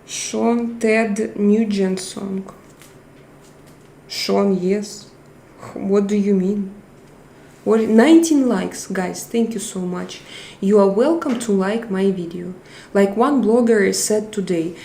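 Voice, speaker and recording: A woman hosting a live stream, chatting casually and reading viewer comments aloud in a halting, chatty way. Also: mid-range voice, gravelly, warm tone. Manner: halting, chatty, laughs often. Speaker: livestream host. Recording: roomy echo.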